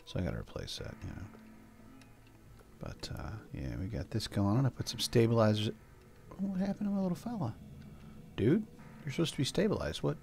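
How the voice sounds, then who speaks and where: This older man's lowish, gravelly, somewhat mellow voice swings hugely in pitch and moves a little fast, with a little hiss or hum on the recording. He rambles chattily through casual let's-play commentary, cooing at his pets, as faint music plays.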